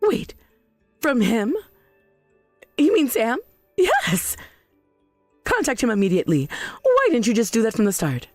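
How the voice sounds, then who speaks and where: A woman's voice: fairly high pitch, wildly swooping pitch, normal speed, long pauses, a little mellow, no room sound, soft background music. A woman playing an indignant, self-righteous mother. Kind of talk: scripted drama voice-over.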